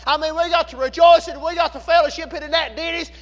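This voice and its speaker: A man preaching a sermon, fervent, swinging from shouts to a hush. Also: very high-pitched, animated, fairly quick, few pauses, some chatter behind. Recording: echoey hall, dull lo-fi sound.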